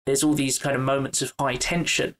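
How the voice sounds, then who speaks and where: A man talking films in a relaxed, chatty way. He often restarts his sentences and repeats words while he works out his point, at an ordinary pitch. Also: brisk, poor audio. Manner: hesitant, many restarts. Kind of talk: casual film discussion.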